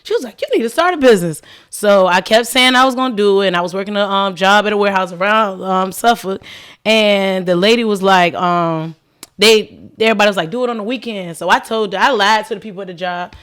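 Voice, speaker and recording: A woman speaks as a podcast guest in an easy, chatty way. Her voice sits at a middle pitch, and she tells her story with real animation. She often slips into the voices of the people in it, and "like" runs all through her speech. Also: a little fast, smooth. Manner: animated, acts out quoted dialogue, frequent "like". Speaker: podcast guest, cleaning business owner. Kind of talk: casual storytelling chat.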